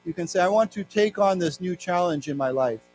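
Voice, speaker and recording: A middle-aged man with an American accent teaching an English lesson, explaining words and reading news aloud slowly. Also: high-pitched, expressive, darkish tone, soft background music, rough recording. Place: library lecture room.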